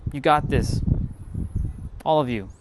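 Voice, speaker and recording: A man's voice: on the high side, slow pace, background noise. A man speaking to his live-stream viewers in a casual motivational monologue, earnest and blunt, swearing freely and repeating words for emphasis.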